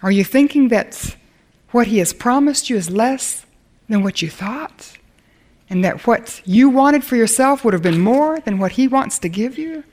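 A woman's voice: fairly high pitch, expressive, a little slow. Earnest woman Bible teacher. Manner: earnest and emphatic, dropping to a hush at times. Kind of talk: sermon.

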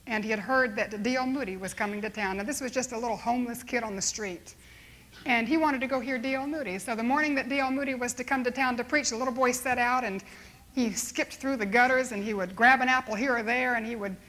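A woman preaching a sermon, telling a story dramatically and slowing to soft, hushed appeals. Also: a little high, slight background noise.

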